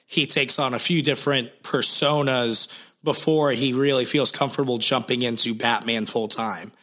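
Bright-voiced man, slightly hoarse. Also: medium pitch, steady tone, normal speed. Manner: laid-back, sarcastic, swears casually. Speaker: podcast co-host recapping comics. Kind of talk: casual chat.

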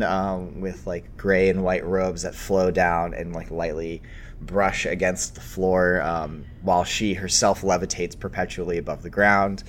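A man narrating as game master for a tabletop role-play, halting and full of fillers. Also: deep voice, slight background noise. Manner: slow, halting, many fillers.

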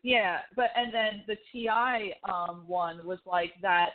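A woman co-hosting a casual chat about a TV show, excitable and swearing as she retells scenes. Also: mid-range voice, slow pace. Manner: excitable, swearing, laughing asides. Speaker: podcast co-host. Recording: tinny phone-like line.

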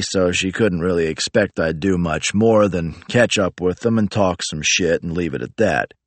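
Deadpan low-voiced male storyteller. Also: no room sound. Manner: flat, profane, matter-of-fact. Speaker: narrator. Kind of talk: first-person story reading.

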